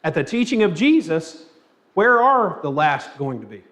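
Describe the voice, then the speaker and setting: A man's voice: fairly high pitch, very animated, normal speed, fairly bright tone. A man leading a church Bible class, asking the group questions and telling anecdotes with light humor. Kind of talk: interactive Bible class teaching.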